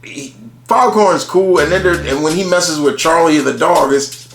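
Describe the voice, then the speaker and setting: A man's voice: fairly high pitch, moderate pace, gravelly, fairly bright tone, echoey room, a little hiss or hum. A man casually talking through a ranked list of favourite cartoon characters, rambling and restarting often, with casual swearing. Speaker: channel host ranking cartoon characters.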